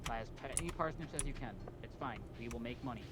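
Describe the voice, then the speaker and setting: A man chats over a game stream at a middling pitch, patiently telling his friends where to go and what to buy. He leans on "uh" between instructions. Behind him there is a steady hiss of noise and the tap of keyboard typing. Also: fast. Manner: directive, patient, gives step-by-step instructions with "uh" fillers. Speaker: streamer leading the farm. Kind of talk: casual game-stream chat.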